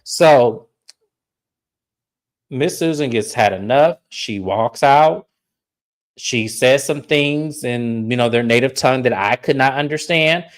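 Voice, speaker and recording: A woman's voice: a bass voice, takes it slowly. A woman hosting a podcast, casually recapping a reality show in a blunt, swearing storytelling way. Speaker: podcast host.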